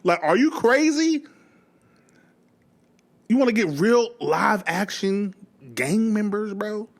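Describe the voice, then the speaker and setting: A man reacting to a video in loose, rambling casual chat, breaking into laughter and restarting his sentences. His voice sits a little high and swings lively in pitch as he gets worked up. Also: slow pace, creaky.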